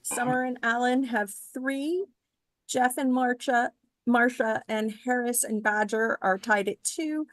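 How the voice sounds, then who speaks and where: A woman's voice: a little high, a little slow, no room sound, low-quality recording. A woman keeping score on a trivia show, matter-of-fact in delivery.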